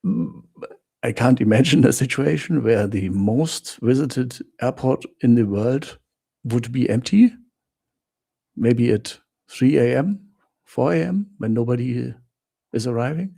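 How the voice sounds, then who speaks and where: A man casually hosts a live chat with viewers, greeting them one by one and often breaking into laughter. His voice is dark and mellow, with a creaky, gravelly edge. He speaks slowly in simple, non-native English. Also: mid-range voice. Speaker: travel channel host.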